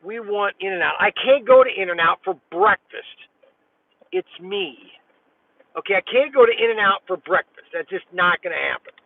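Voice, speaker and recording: A man's voice: high voice, lively intonation, normal speed, vocal fry, dry recording, recorded from a distance. A man vlogging while driving, chatting casually and rambling in a folksy way from inside his car. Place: inside a car at a drive-thru. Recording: tinny, phone-like sound.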